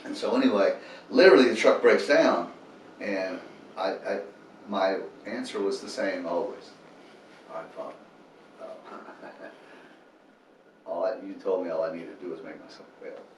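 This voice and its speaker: Low-pitched and speaking at normal speed, this homeless ministry founder pauses often while telling earnest faith stories as an interview guest. He brings quotes to life with animated acting, recorded on a distant mic in a roomy room with faint noise.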